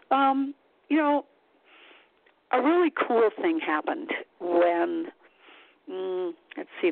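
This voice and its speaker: A woman, telling her story in a casual interview, chatty and animated, with sighs and laughs. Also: fairly low pitch, dry recording. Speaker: guest, psychic. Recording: tinny phone-like line, dry.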